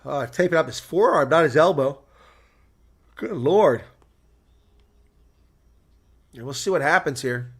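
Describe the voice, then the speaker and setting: A man's voice: on the high side, expressive, moderate pace, fairly bright tone, breathy edge. A tired man hosting live play-by-play reaction commentary on a rugby match, chatting to his viewers between calls.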